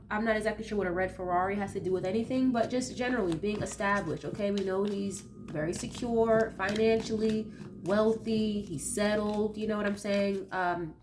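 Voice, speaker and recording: Over a noisy background, a woman with a nasal, allergy-stuffed voice of medium pitch does a casual tarot reading. Her delivery is chatty and loose, scattered with fillers and side remarks.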